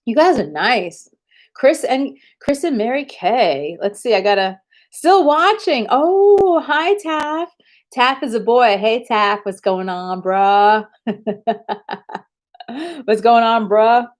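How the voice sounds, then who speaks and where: A woman chatting on a live stream, telling animated, profane stories with frequent laughs. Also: fairly high pitch. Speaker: livestreamer. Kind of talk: casual live-stream chat and storytelling.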